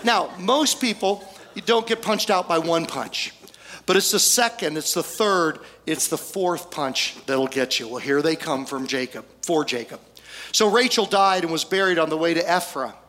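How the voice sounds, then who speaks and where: A male pastor preaching a storytelling sermon, folksy, with humorous asides and pauses for effect. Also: a little high, fairly bright tone.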